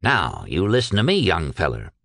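A man's voice: low voice, wildly swooping pitch, normal speed, creaky, fairly bright tone, no room sound, clean studio sound, heavily acted. A man reading aloud and voicing a shrewd, genial retired old businessman who talks in a purring, folksy way. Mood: stern.

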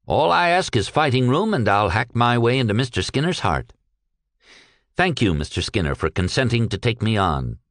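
An earnest, cheerful young veteran, as a man reading the story puts him on. He speaks politely and with confidence, his voice a little raised and lively. The sound is dry and close. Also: mid-range voice, normal speed, no room sound, pitched above the performer's own voice. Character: cheerful young one-armed ex-soldier.

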